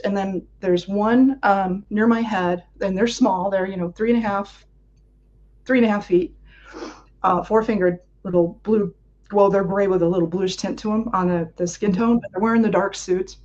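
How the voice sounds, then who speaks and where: A woman's voice: medium pitch, a little mellow. A woman, an interview guest, recounting a personal experience in vivid detail and acting out her own past thoughts. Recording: dull lo-fi sound.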